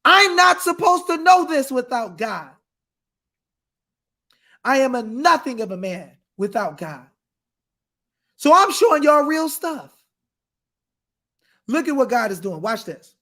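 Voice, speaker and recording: High-pitched guy preaching hard, aave, reads scripture then yells about it. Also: very animated, takes it slowly, long pauses. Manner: fiery, shouting, reads scripture aloud. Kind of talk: impassioned preaching.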